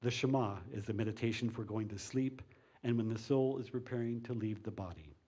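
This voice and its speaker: A man leading a synagogue service, explaining the week's scripture reading in a steady teaching voice. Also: medium pitch, a little fast. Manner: reads a joke with lively put-on voices, then teaches plainly. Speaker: service leader. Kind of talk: sermon with a told joke.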